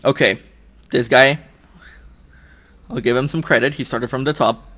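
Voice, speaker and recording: A young man giving let's play commentary at home into a desk microphone, excitable and quick to shout and groan in frustration, joking at his own expense. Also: mid-range voice. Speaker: YouTuber playing a video game.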